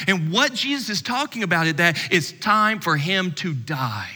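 Bright-voiced pastor in reverberant hall. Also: male voice, fairly high pitch, a little fast, hardly any pauses. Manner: conversational preaching, swings from animated to hushed. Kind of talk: sermon. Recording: long reverb of a church hall.

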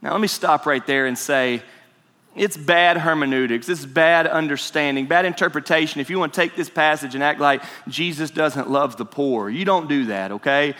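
Preacher in a reverberant hall. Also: male voice, fairly high pitch, moderate pace, sharp tone. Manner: conversational preaching, asks the congregation questions, restarts words. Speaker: pastor. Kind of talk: sermon.

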